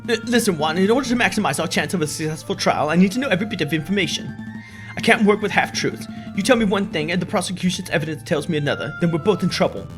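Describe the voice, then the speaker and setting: A man voicing a sharp, stern male falcon defense lawyer, firm and measured. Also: sits high, expressive, music in the background.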